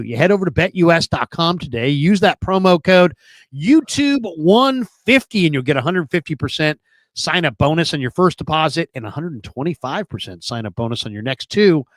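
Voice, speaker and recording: A man hosting a sports talk stream, with a fairly high voice and a booming, excited delivery. He moves quickly between game talk and chatty sponsor plugs. The sound is dry and close, with no room in it. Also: no echo. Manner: energetic, booming hype delivery. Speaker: sports talk show host.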